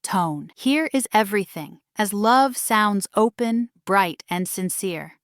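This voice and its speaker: A woman teaching a scripted English speaking lesson, saying each phrase slowly and then saying it again for the listener to shadow. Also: medium pitch, expressive, no room sound, studio quality.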